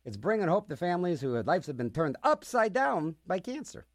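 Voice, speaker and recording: A man's voice: sits high, sing-song, moderate pace. A man hosting a radio music show, chatting casually between songs with rambling, sarcastic jokes. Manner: rambling, jokey, sarcastic asides.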